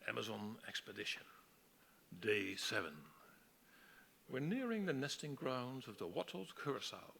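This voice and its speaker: A man's voice: medium pitch, very animated, a little slow, vocal fry, long pauses, a bit bright, husky, heavily acted. A man voicing a pompous, self-important male doctor who thinks he knows everything. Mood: lofty.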